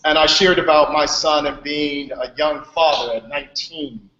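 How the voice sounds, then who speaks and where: A young man, a Playfair presenter, telling stories in a casual chat on a group video call, animated and laughing. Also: fairly high pitch, moderate pace. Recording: echoey, dull video call audio.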